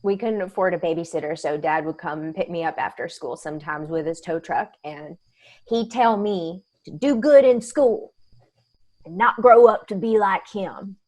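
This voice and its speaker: A woman's voice: on the low side, a little mellow, close to an everyday voice. An actress playing a young woman tow truck driver who talks in a wry, confiding way. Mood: reminiscing. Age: young adult. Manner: wry, confiding, quick to laugh. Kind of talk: audio drama acting.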